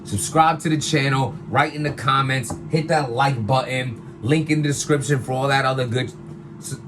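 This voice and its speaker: A man ranting casually to his viewers, animated and slangy, repeating himself as he vents. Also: medium pitch, normal speed, over music. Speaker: vlogger, battle rap commentator. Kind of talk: casual opinion rant to camera.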